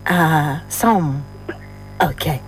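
A woman's voice: low voice, extremely slow, faint music behind. A woman hosting a call-in radio show, chatty and playful, coaxing answers from young callers.

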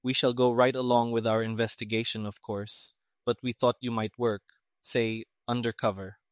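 A gruff, sarcastic army colonel, put on by a man reading a story. He speaks in a raised, irritated voice, a notch above the reader's own. The sound is dry and close. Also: medium pitch, level tone, moderate pace, dry recording, lightly acted.

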